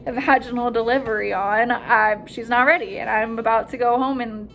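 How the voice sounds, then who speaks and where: A young woman, a nursing student, excitedly retelling a hospital story in a casual vlog, full of "like" and acted-out quotes. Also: on the high side, moderate pace, faint music behind. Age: young adult. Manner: animated, breathless retelling with frequent "like" and quoted voices.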